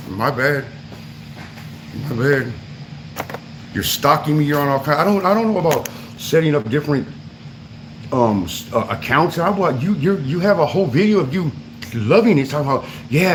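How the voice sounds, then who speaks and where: A man's voice: on the high side, noisy background. A man in a heated livestream rant from home, confrontational, repeatedly calling the listener dog and my boy.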